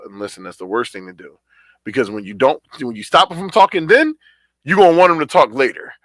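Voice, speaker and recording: A man's voice: mid-range voice, lively intonation, fast, fairly bright tone, no echo. A man co-hosting a podcast, talking in a laid-back, slangy, conversational way. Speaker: podcast co-host.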